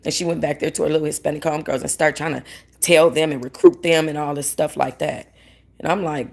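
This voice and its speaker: A woman, casually telling a story in an animated rant, quoting the people involved and swearing. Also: low-pitched, quick pace, creaky. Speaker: vlogger.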